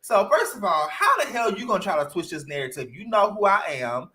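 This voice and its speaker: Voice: mid-range voice, big pitch swings, fairly quick, bright, forceful tone. A podcast co-host giving sassy, emphatic takes on a reality show, acting out comebacks in casual chat. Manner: sassy, emphatic, acts out what people should say.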